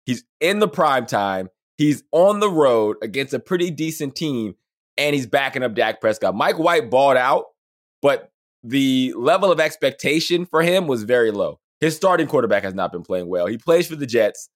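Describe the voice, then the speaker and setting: Upbeat man in his thirties chatting. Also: mid-range voice. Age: 30s. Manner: animated, laughs often, quick asides. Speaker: podcast co-host. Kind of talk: casual sports chat.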